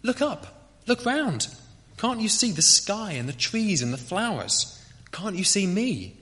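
Storybook reading: a man doing an exasperated young girl, high, insistent pleading questions, echoey hall. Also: sing-song, a little slow, a bit bright, exaggerated voice.

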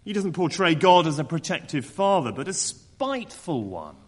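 A man's voice: fairly high pitch, big pitch swings, moderate pace, husky. A man preaching a sermon, acting out quoted voices with mocking tones.

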